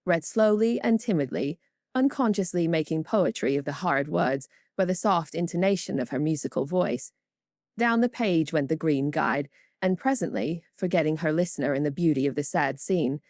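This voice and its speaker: Female audiobook narrator, low, measured, dry close sound. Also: darkish tone, dry recording. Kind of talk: scripted narration.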